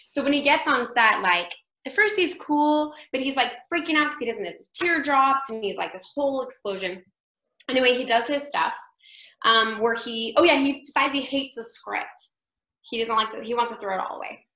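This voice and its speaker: A woman actress telling an anecdote as an interview guest, animated and chatty, laughing often and acting out what others said. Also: fairly high pitch, moderate pace, reverberant, low-quality recording.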